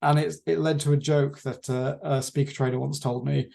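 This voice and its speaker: A man lectures on presentation skills in a measured style, pausing deliberately as he teaches. His voice is fairly high and dark-toned with a gravelly texture, and its pitch barely moves.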